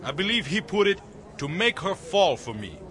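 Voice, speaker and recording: A man's voice: sits high, big pitch swings, moderate pace, a crowd in the background. An actor playing a polite, formal and wry male tour guide in a radio drama. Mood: courteous.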